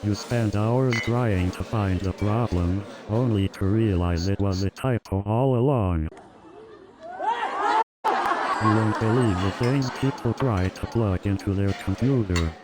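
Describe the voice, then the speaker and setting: A synthetic male stand-up comic runs through one-liner after one-liner, chuckling between jokes. His voice sits a little low for a man. A loud crowd and pounding music fill the background. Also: takes it slowly. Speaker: stand-up comedian. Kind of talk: stand-up comedy routine.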